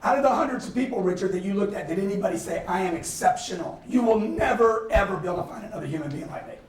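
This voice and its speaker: Brief: high-pitched male motivational speaker, punchy and animated, recorded at a distance in an echoey hall. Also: racing, a little hiss or hum. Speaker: guest speaker. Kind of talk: motivational business lecture. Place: lecture hall. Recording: roomy hall, mic at a distance, faint ambience. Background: audience laughter.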